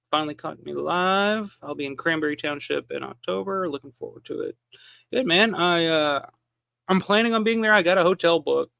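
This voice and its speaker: A live stream host from the American South runs a watch-along, offering casual film commentary that rambles, with frequent restarts and fillers. His voice is on the high side, gravelly, pushed, and bright, in a dry recording.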